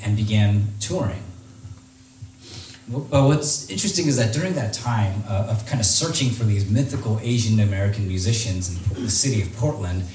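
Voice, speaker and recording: A man giving a storytelling talk to an audience, animated and acting out the voices of people he quotes. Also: lowish voice, distant mic, a little hiss or hum. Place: large hall with audience. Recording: echoey hall, voice from off-mic.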